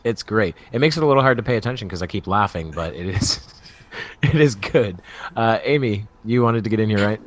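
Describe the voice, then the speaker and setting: Host guy, lowish voice, chill, laughs a lot on a live stream. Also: animated, fairly quick. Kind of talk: casual live chat.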